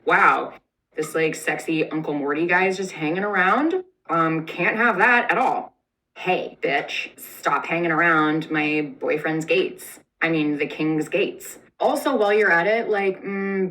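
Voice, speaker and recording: A young woman with a low voice tells an old story for laughs, and she swears freely and sprinkles "like" through every line. Her tone is sarcastic and full of snarky asides. She sounds a little far from the mic. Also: a bit bright. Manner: sarcastic, profane, valley-girl "like" filler, snarky asides. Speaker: comedic storyteller. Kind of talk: casual comedic retelling.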